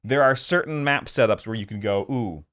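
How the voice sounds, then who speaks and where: A man's voice: medium pitch, a little fast, fairly bright tone, clear, resonant tone. A man co-hosting a casual tabletop gaming talk, giving opinionated verdicts with jokes and frequent restarts. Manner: opinionated, joking, restarts mid-sentence. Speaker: co-host.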